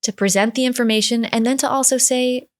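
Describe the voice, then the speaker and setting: A woman's voice: fairly high pitch, fairly even intonation, fairly quick. A woman in her thirties, a guest in an interview, talking candidly and reflectively, often restarting her thoughts. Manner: reflective, speaks in drafts with restarts.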